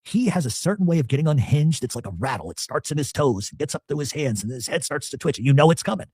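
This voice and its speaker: Fast, animated man telling a profane story. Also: fairly high pitch, slightly rough, no echo, studio quality. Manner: profane, animated, acts out quotes. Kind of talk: casual storytelling.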